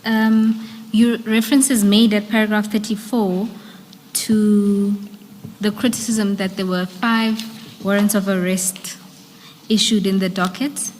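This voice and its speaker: A woman's voice: medium pitch, flat delivery, measured pace, a little mellow. A woman leading evidence at a hearing, methodically working through paragraphs with hesitant fillers. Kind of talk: formal questioning at a hearing. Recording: hall reverb with faint room noise.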